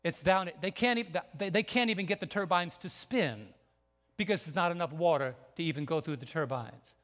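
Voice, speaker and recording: A man preaching a sermon as pastor, emphatic and building to near shouts. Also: fairly high pitch, a little fast. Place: church sanctuary. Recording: long church hall reverb.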